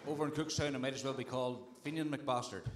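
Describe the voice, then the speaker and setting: A young man with a Northern Irish accent doing a stand-up set, deadpan and swearing, with crowd work. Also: medium pitch, fast, heavy background noise. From Northern Ireland. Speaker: stand-up comedian. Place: comedy club stage. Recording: roomy live club with crowd.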